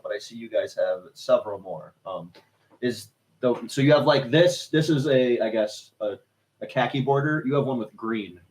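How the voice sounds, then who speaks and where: A man speaks at a mid pitch as he interviews his guests. His questions are curious and halting, with many restarts. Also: darkish tone, poor audio. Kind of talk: casual interview.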